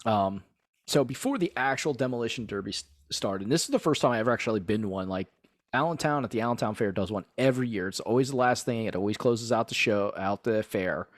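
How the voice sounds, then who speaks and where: A man's voice: on the low side, fast talker, no echo, studio quality. A man co-hosting a podcast, telling stories in casual chat with lots of "like" and plenty of swearing. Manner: animated storyteller, swears freely, lots of "like". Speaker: podcast co-host.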